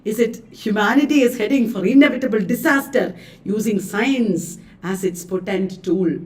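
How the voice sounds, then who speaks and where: A woman's voice: medium pitch, moderate pace, darkish tone, far from the mic. A woman with an Indian accent coaching students live on literature exam questions, chatty and laughing often, mixing in Hindi words. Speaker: literature teacher.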